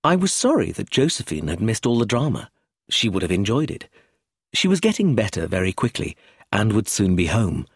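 A man reading a novel aloud as an audiobook narrator, in an expressive scripted way. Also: lowish voice, moderate pace, slightly rough, dry recording, clean studio sound.

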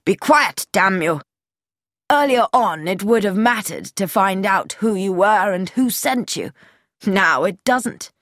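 A woman's voice: medium pitch, lively intonation, a little slow, dry recording, clean studio sound. A woman voicing a cold, mocking middle-aged male commander who turns falsely genial, in an audiobook reading. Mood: menacing.

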